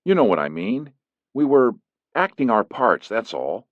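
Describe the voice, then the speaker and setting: Man voicing a firm man, measured, defensive, dry lo-fi sound. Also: mid-range voice, big pitch swings, no room sound, voice pushed up. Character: firm middle-aged man, a lawyer. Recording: dull lo-fi recording.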